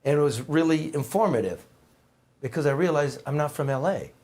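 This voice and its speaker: A man's voice: on the high side, a little fast, a little mellow. A middle-aged man, a former reporter, telling heartfelt stories in a rambling, emphatic way. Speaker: guest, former newspaper reporter. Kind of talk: conversational storytelling.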